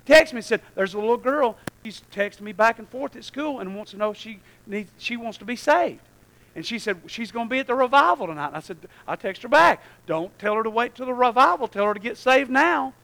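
A man preaching a sermon in a very high, bright voice. He tells his story in an animated way, drops to a near hush and then breaks into shouted prayers. The tone is sharp and forceful. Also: brisk, gravelly, rough recording. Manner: animated, swings from hushed to shouting.

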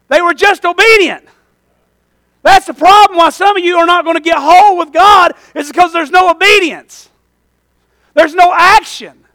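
Male pastor, very high and forceful voice, fervent sermon, folksy, calls for amen, dry close sound. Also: dry recording.

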